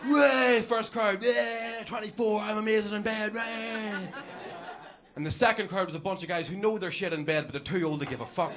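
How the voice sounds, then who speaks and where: A young adult comedian performs rowdy, profane stand-up at a club, slipping into quick bursts of character voices. His voice is high-pitched, and the live recording picks up the crowd laughing and cheering.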